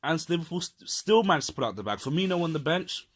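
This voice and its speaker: A man's voice: on the high side, very animated, quick pace, a bit bright. A man co-hosting a casual football podcast, quoting stats with dry, wry asides. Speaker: podcast co-host.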